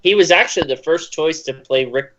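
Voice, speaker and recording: A man's voice: a little high, a little fast, fairly bright tone. A man chatting eagerly through a horror movie on a commentary stream. He jokes readily and talks with plain enthusiasm. His audio comes through slightly dull and muffled. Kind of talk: casual movie commentary chat.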